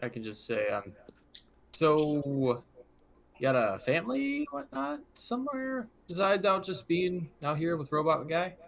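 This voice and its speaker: A man's voice: on the high side, very animated, a little slow, gravelly, fairly bright tone. Easygoing male tabletop player. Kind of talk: casual chat in a tabletop game.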